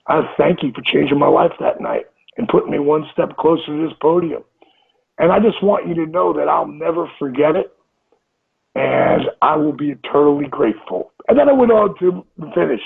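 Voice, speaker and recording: A man in his fifties, an interview guest telling stories in a casual, animated way, acting out quotes and swearing freely. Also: fairly high pitch, normal speed, creaky, slightly rough. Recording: tinny phone-line audio.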